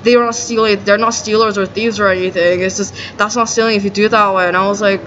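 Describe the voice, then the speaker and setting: A woman's voice: mid-range voice, fairly even intonation, fast, a bit bright. A woman in a rambling, agitated monologue to camera, indignant and peppered with "like". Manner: agitated and indignant, many "like" fillers. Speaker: vlogger. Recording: dull lo-fi audio with faint noise.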